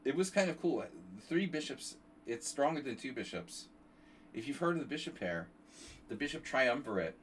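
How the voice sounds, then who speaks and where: A man's voice: mid-range voice, animated, moderate pace, far from the mic, a little hiss or hum. Rambling, cursing man streaming chess. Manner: rambling, digressive, swears casually. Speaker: chess coach streaming a game analysis. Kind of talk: casual live-stream commentary.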